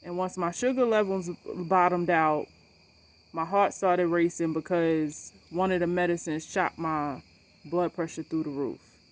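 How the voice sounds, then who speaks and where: A woman vlogging about her cancer treatment, telling a story to camera in a blunt, animated way, swearing freely and repeating points for emphasis. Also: lowish voice, a little slow.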